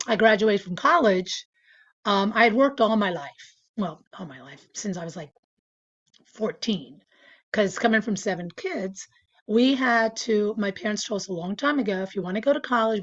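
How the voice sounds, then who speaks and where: Here a woman in her sixties is the interview guest, casually telling stories, laughing a lot and using many fillers. Her voice sits at a medium pitch, and the recording sounds lo-fi.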